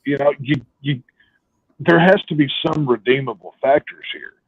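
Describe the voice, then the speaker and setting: A man's voice: medium pitch, normal speed, vocal fry, husky, dry recording. Blunt man with a dry, dull sound. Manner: blunt, repeats words as he restarts. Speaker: podcast host. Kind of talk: casual film discussion.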